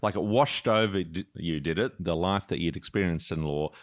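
A man's voice: low voice, moderate pace. A man hosting an interview, encouraging his guest with frequent affirmations and summarizing questions. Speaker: podcast host. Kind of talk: conversational interview.

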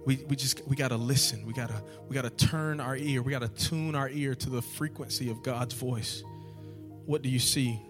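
A man preaching a sermon, asking rhetorical questions again and again and building to loud, repeated calls. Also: medium pitch, fairly even intonation, moderate pace, music in the background. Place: church sanctuary.

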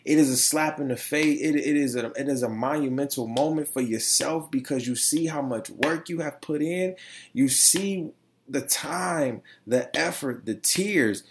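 A male podcaster talks alone to his listeners with a slightly raised, gravelly voice. He is emotional, repeating himself and stumbling as he gathers his thoughts. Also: a little high, unhurried, slight background noise. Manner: emotional, repetitive, stumbling over words. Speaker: podcast host. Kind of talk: solo podcast monologue.

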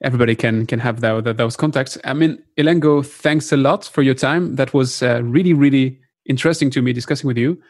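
A man with a French accent hosts a podcast, speaking at a mid pitch. His voice is recorded dry and close, with no room sound. He talks in a friendly, polite and slightly halting way. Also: dry recording. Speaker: podcast host. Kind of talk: casual interview talk.

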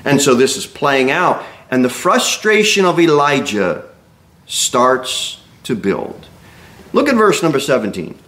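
A man's voice: mid-range voice, very animated, unhurried, fairly bright tone. A man preaching an expository sermon as a pastor, reading scripture aloud and acting out the Bible figures' words with emphatic exclamations.

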